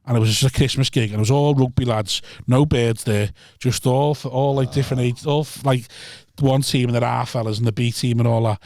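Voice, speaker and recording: A man's voice: medium pitch, steady tone, a little fast, hardly any pauses, darkish tone, dry recording, studio quality. A man, a stand-up comedian telling rambling, sweary stories in a casual podcast chat.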